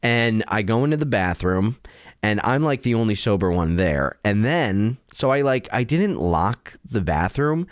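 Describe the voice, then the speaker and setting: A man, a comedian, telling a rambling, animated story full of restarts and fillers. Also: on the low side, measured pace. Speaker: comedian guest.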